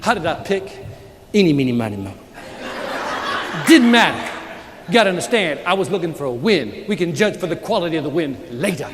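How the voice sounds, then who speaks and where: A man's voice: sits high, fast talker. A man giving a live motivational sales keynote, telling stories and working the crowd with call-and-response. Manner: animated storyteller, works the crowd with call-and-response. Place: large event hall with a live audience. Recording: reverberant hall, live audience, faint noise.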